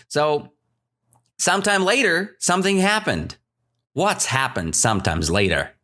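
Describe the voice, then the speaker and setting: A man with a Russian accent tells a story to teach English, speaking unhurriedly and often asking "right?". His pitch swings high and low with lively expression. His steady pace leaves room for learners to follow. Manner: animated, keeps checking in with "right?".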